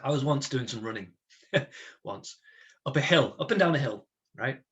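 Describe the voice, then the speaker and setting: A man giving a motivational webinar to an online audience, chatty and energetic, often checking in with his listeners. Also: medium pitch, normal speed, lo-fi sound. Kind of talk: lively talk to an online audience.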